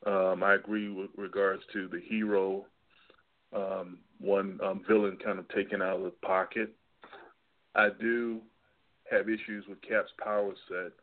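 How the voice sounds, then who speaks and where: Low-voiced male caller on a phone line. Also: little pitch movement, a little slow. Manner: joking, teasing. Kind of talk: call-in radio talk.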